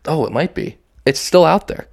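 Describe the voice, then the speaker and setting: A man's voice: a little high, animated, normal speed, vocal fry, darkish tone. A man co-hosting a casual chat from home, telling loose stories with lots of swearing. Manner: loose storytelling, heavy swearing. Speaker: podcast co-host. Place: house with windows open.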